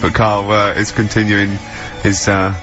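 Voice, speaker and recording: A man's voice: monotone, music in the background. A man hosting a radio talk show, teasing his co-hosts and laughing often. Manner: teasing, quick to burst into high laughter. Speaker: radio host. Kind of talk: casual radio banter. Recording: muffled radio broadcast recording.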